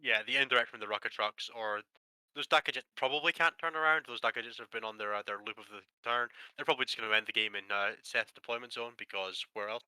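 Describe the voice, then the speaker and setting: A man's voice: medium pitch, fairly even intonation, fast, bright, forceful tone, clean tone, dry recording, poor audio. A man with a Scottish accent giving casual, joking live commentary on a tabletop wargame. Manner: joking, laughing, teasing banter.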